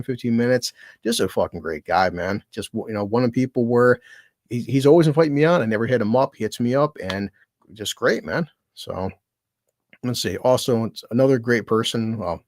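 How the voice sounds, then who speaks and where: A man's voice: medium pitch, no echo. Rambling, profane male streamer, dry sound. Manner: rambling, profane, self-deprecating; laughs between remarks. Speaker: streamer thanking fellow creators. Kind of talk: casual livestream chat.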